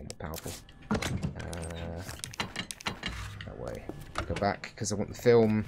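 Here a deep-voiced man with vocal fry chats over a game stream amid background noise. He's a gaming streamer doing laid-back let's-play commentary, cursing often and talking back to the on-screen characters.

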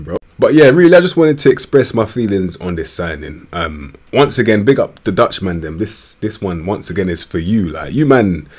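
Slangy low-voiced lad. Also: male voice. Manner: slangy, swearing, rambling and excitable. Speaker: gaming YouTuber. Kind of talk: casual commentary over a football management game.

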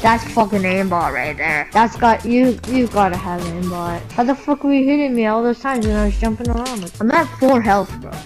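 A woman's voice: fairly high pitch, moderate pace, few pauses, music in the background, poor audio. A woman gaming and chatting casually, swearing and accusing others of cheating. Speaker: gamer.

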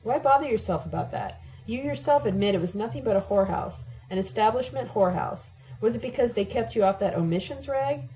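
A woman's voice: on the high side, expressive, a little fast, few pauses, mellow, rough recording. A woman reading the part of an exasperated young man who presses with blunt questions, in an audiobook.

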